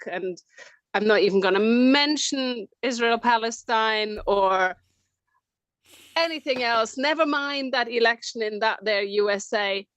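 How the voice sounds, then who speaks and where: Measured woman, dry close voice. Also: a little high, a bit bright, smooth, no echo. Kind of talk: casual panel chat on a video call. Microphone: video call.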